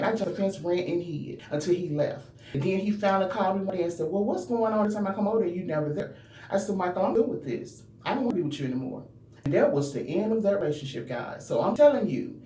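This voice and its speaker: A woman's voice: lowish voice, dark tone, recorded from a distance. A woman vlogger, telling a personal story earnestly and talking straight to her viewers. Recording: roomy, from off the mic, faint hum.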